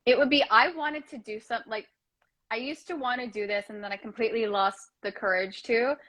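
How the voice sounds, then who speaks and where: Woman, host, bright forceful voice, slightly high, chatty, giggly, video call. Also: fairly even intonation, a little fast. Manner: chatty, giggly, self-mocking. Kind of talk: casual live video chat. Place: home, on a live video call.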